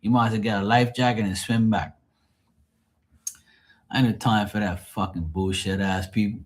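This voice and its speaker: A man's voice: on the low side, moderate pace. Guy cussing his way through a story on a live stream, does voices. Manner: profane, animated, mimics people. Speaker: tarot reader and streamer. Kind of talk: casual storytelling on a livestream.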